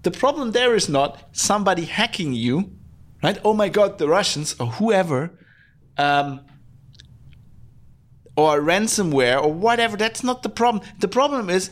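With a high-pitched, slightly bright voice, a podcast host delivers blunt, sarcastic, casual ranting. He swears without restraint, leans on fillers, and keeps restarting what he's saying.

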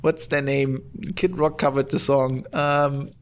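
A man hosting his own podcast in a casual, rambling, profane way, hoarse from hay fever, with many fillers and restarts. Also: medium pitch, level tone, takes it slowly. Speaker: podcast host. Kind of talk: casual solo podcast, reading listener mail. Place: at home, lives in Germany.

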